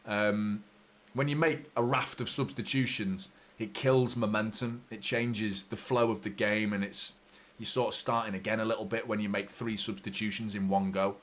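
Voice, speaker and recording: A man hosting a live football watchalong, chatting casually and swearing freely, quickly heated and exasperated by mistakes. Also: fairly low pitch, steady tone, fairly bright tone. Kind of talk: live match commentary and chat.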